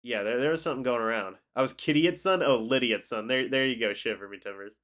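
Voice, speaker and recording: Animated and fast, his medium-pitched voice sounds a bit bright. Recovering from the flu and still congested, the young man keeps his sports livestream laid-back and chatty while reading out chat messages.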